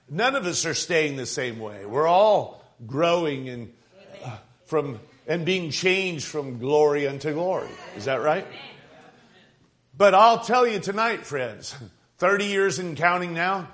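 A man's voice: fairly high pitch, fairly bright tone. A male pastor giving an emphatic evening sermon, repeating phrases and asking his congregation "right?".

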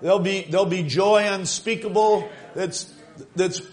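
A man preaching a fervent sermon, retelling stories and building to loud exclamations. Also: high-pitched, unhurried. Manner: fervent, rising to shouts, quoting and laughing.

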